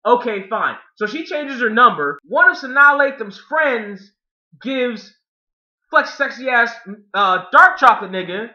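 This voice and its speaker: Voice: mid-range voice, animated, measured pace, bright, forceful tone. A movie reviewer giving a casual spoiler review, swearing constantly and sarcastic. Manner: profane, sarcastic, exasperated. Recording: echoey room, dull lo-fi sound.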